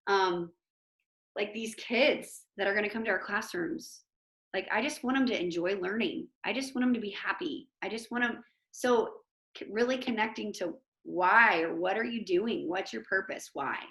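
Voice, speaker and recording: A woman teacher giving an informal motivational talk over a video call, chatty and animated, with lots of fillers. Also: medium pitch, moderate pace, reverberant. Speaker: host of an online motivation talk.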